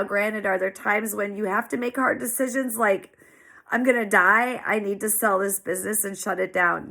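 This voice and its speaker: A woman's voice: medium pitch, creaky, sharp tone. A woman in her forties speaking earnestly in a heartfelt personal monologue, emotional and repeating phrases for emphasis, teary-eyed at times. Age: 40s. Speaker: small business owner sharing her story.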